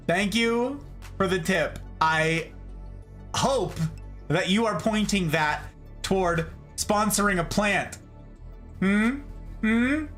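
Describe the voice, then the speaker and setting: A male streamer with a lively, swooping voice that keeps rising and falling as he chats with his viewers. He gushes and laughs easily. Soft music plays behind him. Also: sits high, slow, pauses often. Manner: chatty, effusive, often laughing. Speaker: live streamer greeting chat. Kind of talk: casual live-stream chat.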